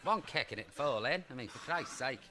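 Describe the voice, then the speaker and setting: A man playing a brassy, foul-mouthed middle-aged woman, in cheeky, swearing comedy banter over loud studio laughter. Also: medium pitch, lively intonation, fairly quick, background noise, close to an everyday voice. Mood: mock outrage. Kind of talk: TV comedy show outtakes. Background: studio audience laughing.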